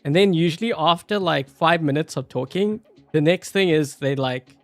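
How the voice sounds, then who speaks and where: A man's voice: a little high, moderate pace, no echo, faint music behind. A man with a South African accent giving rambling, casual gameplay commentary, full of fillers and laughing often. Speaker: gameplay YouTuber.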